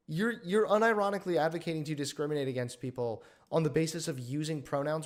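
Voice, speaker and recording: A man's voice: on the high side, fast, hardly any pauses. A young man hosting a reaction commentary video, talking in a sarcastic, blunt and exasperated way.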